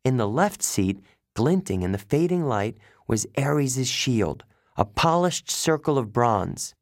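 Man, audiobook narrator, lively wry delivery, mid-pitched, dry close studio mic. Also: takes it slowly, no echo. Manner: expressive, wry storytelling. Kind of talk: first-person audiobook narration.

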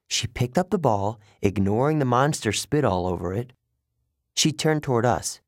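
A man giving steady, measured first-person audiobook narration. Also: medium pitch, no room sound, clean studio sound.

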